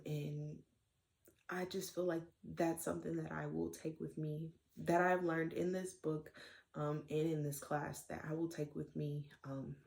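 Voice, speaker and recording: A woman's voice: low-pitched, vocal fry, a little mellow. A young woman studying to be a therapist, giving an earnest spoken reflection on a book, with many fillers. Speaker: student clinician.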